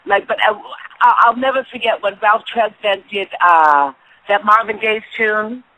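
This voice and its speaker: A woman in casual conversation on a call-in radio show, telling lively stories and acting out the dialogue. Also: mid-range voice, normal speed, slight background noise, rough recording. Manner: animated storyteller, acts out quoted dialogue. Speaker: guest. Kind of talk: casual chat.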